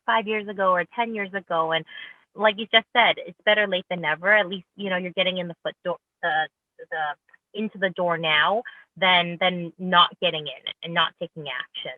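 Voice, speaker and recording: A woman's voice: fairly low pitch, no room sound. Upbeat woman guest over a tinny phone line. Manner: upbeat, eager, many restarts. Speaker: real estate agent guest. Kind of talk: casual interview chat.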